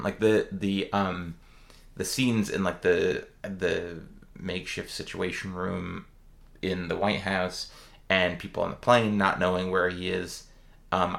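A man's voice: sits low, creaky, fairly bright tone. A man co-hosting a casual movie review podcast, rambling with many fillers and restarts. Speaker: podcast co-host.

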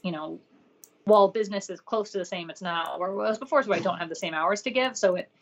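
A woman's voice: medium pitch, fast talker, dull audio. A woman co-hosting a podcast, chatting casually with a dry, sarcastic edge. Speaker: podcast co-host and business owner. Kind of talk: casual discussion.

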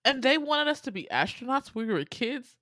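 A woman chatting casually about an animated series, animated in her telling, swearing and laughing often. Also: high-pitched, a little fast, no room sound. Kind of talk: casual chat reviewing an animated anthology.

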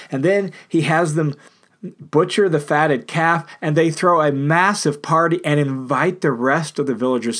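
A man's voice: a little high, fairly bright tone. A man preaching a sermon, retelling a parable in an earnest storytelling manner with emphatic repetition. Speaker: pastor.

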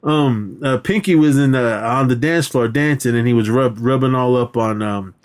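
In a casual podcast chat, a male co-host with a medium-pitched voice at normal speed retells a movie plot, rambling and restarting often.

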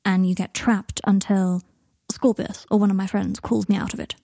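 A woman reading a cool, clipped, sardonic wizard in an audiobook, husky mellow voice, dry close sound, talking with icy politeness. Haughty and guarded. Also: medium pitch, level tone, normal speed, no echo. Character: aloof, sardonic male wizard.

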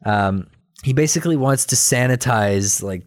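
A man in casual chat, retelling a cartoon episode in a rambling, animated way with quick quoted voices and laughter. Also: medium pitch. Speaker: podcast co-host recapping a cartoon episode.

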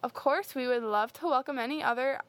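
Playful higher-voiced woman on a podcast. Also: brisk, fairly bright tone, slight background noise. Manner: playful, joking. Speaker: host's daughter as guest. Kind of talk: casual podcast chat.

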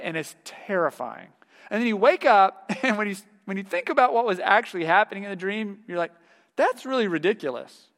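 A male pastor preaching a sermon, telling stories in a lively, animated way and laughing along with them. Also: sits high, creaky, long reverb tail. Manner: storytelling, laughs heartily while telling anecdotes.

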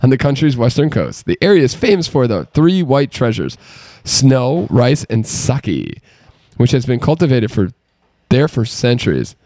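A man's voice: medium pitch, very animated, normal speed, darkish tone, no room sound. Teasing podcast guy reading aloud. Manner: playful, teasing, stumbles over words reading aloud. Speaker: podcast co-host. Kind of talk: casual chat.

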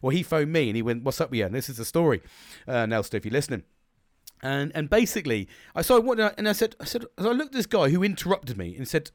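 A man's voice: on the high side, big pitch swings, fast, dry recording, clean studio sound. A man, a podcast host, tells a heated, profanity-filled story in a casual way. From United Kingdom. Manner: heated, sweary rant.

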